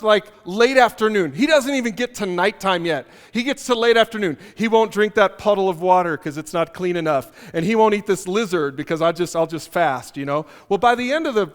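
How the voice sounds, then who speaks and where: High-voiced man preaching in a reverberant hall. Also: smooth. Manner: animated storytelling with humor, repeats key phrases. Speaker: pastor. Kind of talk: conversational sermon. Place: church auditorium.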